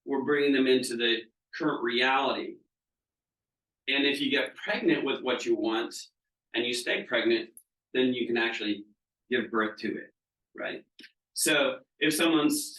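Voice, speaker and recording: A man's voice: medium pitch, fairly bright tone. A man leads a training session as a business coach, speaking conversationally and often checking whether the room is following. His voice sits in a middle range. He is picked up from some distance in an echoey seminar room. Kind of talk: live training talk to a group. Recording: roomy room, mic at a distance.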